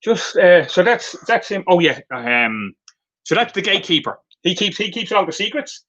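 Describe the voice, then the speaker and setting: An Irishman selling crafts on a live video stream speaks in a high-pitched, sing-song voice that is bright and forceful, at normal speed. The recording is muffled, and his talk is light-hearted storytelling loaded with fillers.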